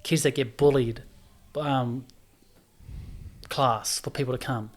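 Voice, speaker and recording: A man talks as a guest on a casual podcast. His voice sits in the middle range, and he speaks softly and hesitantly, often pausing on ums. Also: mid-range voice, fairly even intonation. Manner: soft-spoken, hesitant, many ums. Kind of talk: casual interview answers.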